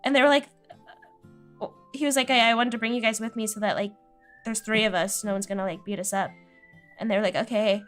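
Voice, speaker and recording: A woman's voice: mid-range voice, fairly quick, pauses often, faint music behind. A woman streamer chatting casually with viewers, telling a family story and laughing often. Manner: animated, quotes relatives in voices.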